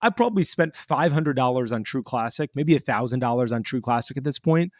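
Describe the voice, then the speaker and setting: A man co-hosting a podcast in a casual, animated chat, full of fillers and restarts. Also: medium pitch, brisk, no room sound, studio quality. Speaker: podcast co-host.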